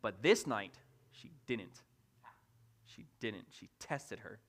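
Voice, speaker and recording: Preacher in his thirties, animated storyteller, bright and forceful voice. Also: lowish voice, slow, slightly rough. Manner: animated, laughing, acts out voices of his family. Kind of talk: storytelling sermon. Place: church sanctuary.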